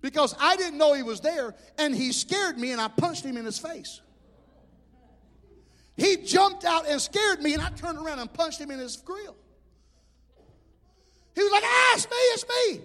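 A man preaching a sermon as pastor, telling animated stories. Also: very high voice, normal speed. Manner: animated storytelling with shouted impressions. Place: church hall. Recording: hall reverb.

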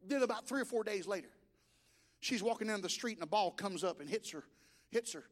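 Male pastor, sermon, very high voice, storytelling, builds to shouting. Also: animated, a little fast. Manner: storytelling and exhorting, rising to shouts.

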